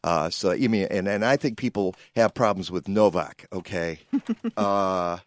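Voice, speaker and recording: A man's voice: deep voice, a little slow, no room sound, clean studio sound. A man co-hosting a radio talk show, chatting casually and rambling with many fillers and jokes. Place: radio studio.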